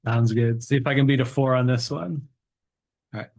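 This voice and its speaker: A middle-aged man hosting a casual show and reading jokes aloud in a relaxed, upbeat way with some fillers. He sits a little away from the microphone. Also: mid-range voice, moderate pace, vocal fry. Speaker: podcast host. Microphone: table mic set away from the speakers.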